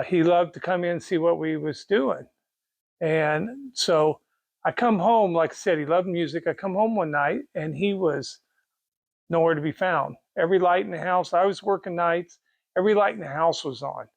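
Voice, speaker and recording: Folksy gravelly Kansas man, middle-aged. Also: fairly high pitch, dry recording. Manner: rambling, folksy, with restarts and quoted dialogue. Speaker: race car parts business owner. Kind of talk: casual storytelling.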